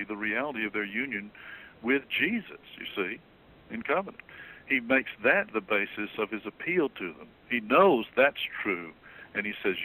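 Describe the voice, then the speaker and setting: A man in a theological discussion, explaining earnestly and jumping up in pitch when he quotes someone. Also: lively intonation, moderate pace, sharp tone, poor audio. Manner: earnest, explanatory, rises sharply when quoting. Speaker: theologian being interviewed.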